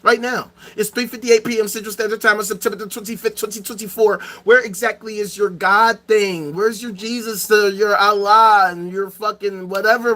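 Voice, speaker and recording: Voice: mid-range voice, bright, forceful tone. A streamer host ranting to the chat in a profane, sarcastic and emphatic way. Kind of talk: livestream rant to chat.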